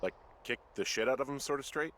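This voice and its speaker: An actor playing a tired, dry-humored fire lookout in a video game, talking in a deadpan, sarcastic way. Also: male voice, medium pitch, fast, a little hiss or hum, natural voice. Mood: sardonic.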